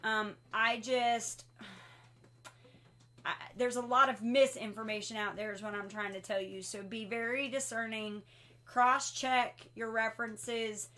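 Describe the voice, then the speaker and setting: A woman hosting a casual livestream essential oils class, telling animated stories and laughing often. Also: on the high side, measured pace.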